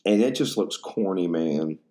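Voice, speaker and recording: Man, podcast host, casual chat, rambling, profane, slangy, low voice. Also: lively intonation, measured pace, mellow.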